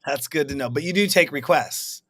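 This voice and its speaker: A man's voice: on the high side, fairly quick, a bit bright. A man hosting a casual video-call interview, asking questions in an easygoing, conversational way. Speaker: interview host.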